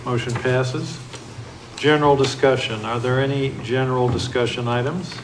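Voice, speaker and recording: A man acting as mayor and chairing a city finance committee meeting. He runs through the agenda items briskly and by procedure, in a city council meeting room. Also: mid-range voice, fairly even intonation, noisy background.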